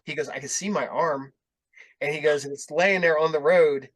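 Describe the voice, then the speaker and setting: A man's voice: a little high, steady tone, moderate pace. A man hosting a podcast, chatting casually, telling a rambling story in which he acts out quotes and swears now and then. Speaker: podcast host. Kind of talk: casual chat.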